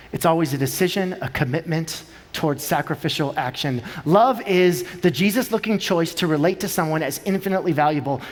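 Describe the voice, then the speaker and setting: A male pastor preaching a sermon in a church sanctuary, emphatic and building rhetorical lists. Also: a little high. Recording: long church hall reverb.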